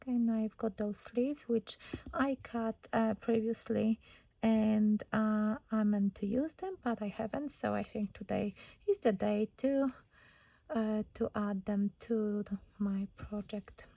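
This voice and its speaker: A woman hosting a casual craft tutorial at her desk, thinking aloud and hesitating over choices, her voice slightly hoarse. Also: medium pitch, slow pace, dark tone, no echo, rough recording.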